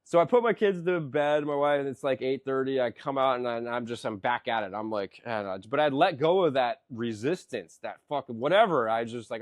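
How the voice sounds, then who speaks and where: Profane, animated man telling stories. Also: mid-range voice, a little fast, hardly any pauses, no room sound, studio quality. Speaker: podcast host. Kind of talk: casual chat.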